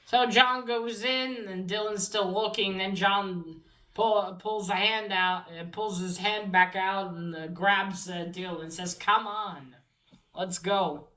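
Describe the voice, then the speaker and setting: A woman's voice: medium pitch, fairly even intonation, a little slow, sharp tone, poor audio. A woman casually recapping a comic book story, swearing freely and retelling each scene with lots of fillers.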